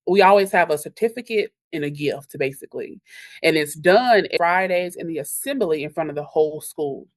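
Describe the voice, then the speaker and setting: A woman teacher talks in a podcast interview, lively and full of stories. She acts out her students' voices as she goes. Her voice sits on the low side and sounds dry and close to the mic. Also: normal speed, no echo. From Louisiana. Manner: animated storyteller, acts out quotes from kids. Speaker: elementary school teacher.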